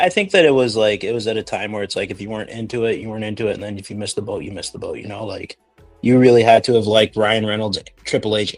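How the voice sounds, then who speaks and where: A man hosting a casual chat, rambling and joking through tangents. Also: on the low side.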